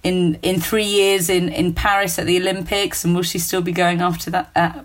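A woman's voice: fairly low pitch, little pitch movement, normal speed. A woman hosting a podcast, chatting casually and hesitantly with frequent ums and uhs. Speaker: podcast host. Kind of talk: casual chat.

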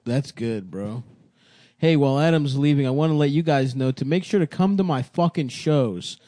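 A man's voice: medium pitch, moderate pace, warm tone, no room sound, clean studio sound. A man who is a stand-up comedian and podcast host, talking in casual, crude and profane banter and teasing his co-hosts.

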